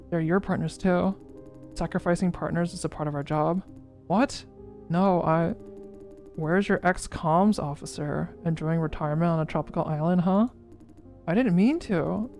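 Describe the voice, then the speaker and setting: A game streamer with a mellow, medium-pitched voice reads a story game's dialogue aloud during a playthrough. Each character's lines get their own emphasis as the visual novel unfolds.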